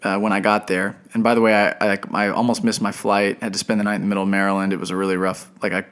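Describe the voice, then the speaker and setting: A man's voice: on the low side, fast, smooth. A young man, a podcast co-host, telling a personal story in casual chat and acting out the people he quotes. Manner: animated, acts out quoted people.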